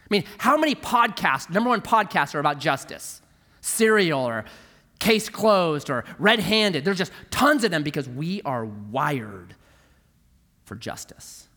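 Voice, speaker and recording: Animated high-voiced male preacher in a hall. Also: unhurried. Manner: animated storytelling, acting out quoted voices. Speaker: pastor. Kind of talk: sermon. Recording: long reverb of a large hall.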